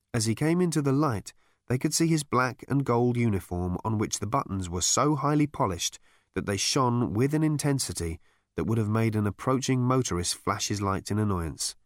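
A man narrating an audiobook with wry, dry wit. His mid-pitched voice moves with lively range, and the recording is close and dry. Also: moderate pace, no echo. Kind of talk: scripted narration.

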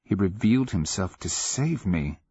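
Man doing a young princess, hushed and urgent, dry dull booth sound. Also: low-pitched, lively intonation, normal speed, breathy edge, no room sound, heavily acted. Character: young princess, earnest and certain.

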